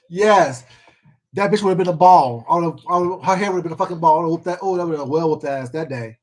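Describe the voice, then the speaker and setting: Eating on a livestream, a Washington State mukbang YouTuber rants casually, and his voice is notably high for a man. He swears freely, speaks bluntly and emphatically, and repeats himself to make his points, occasionally stopping to greet viewers by name.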